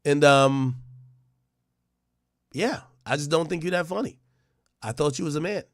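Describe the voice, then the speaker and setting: A man's voice: a little high, unhurried, no room sound. A man hosting a livestream, delivering a brash, profane roast monologue full of mocking jabs and stammered restarts. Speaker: livestream host.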